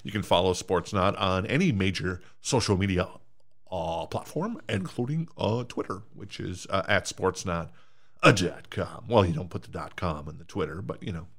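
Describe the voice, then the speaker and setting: A man's voice: low voice, expressive, normal speed, a bit bright. A man from Minnesota hosting a sports podcast, rambling and joking at his own expense. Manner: rambling, self-deprecating, joking. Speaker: podcast host. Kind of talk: casual sports podcast chat.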